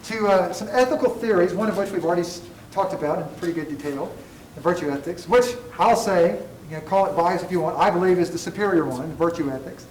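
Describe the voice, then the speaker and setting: A man lectures on ethics to a classroom, wandering into tangents and making fun of himself along the way. His fairly high voice carries through an echoey room, picked up by a mic set well back. A faint hum of room noise sits underneath. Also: fast talker, a little mellow, distant mic. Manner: digressive, self-deprecating humor. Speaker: college ethics instructor.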